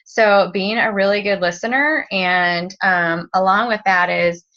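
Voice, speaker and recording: Bright-toned woman giving a casual training talk. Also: mid-range voice, measured pace. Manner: rambling, lots of fillers and restarts. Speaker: direct-sales team leader. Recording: dull lo-fi recording.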